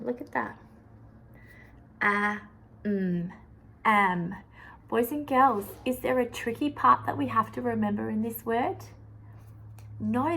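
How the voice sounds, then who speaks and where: A young woman, a teacher showing how she teaches a lesson, with a clear, sing-song classroom voice that sounds out words slowly. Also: medium pitch, fairly bright tone, rough recording.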